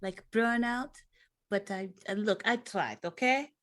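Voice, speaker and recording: A woman's voice: medium pitch, unhurried, a bit bright. A woman player joking in a self-mocking way during a tabletop game. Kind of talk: tabletop role-play chat.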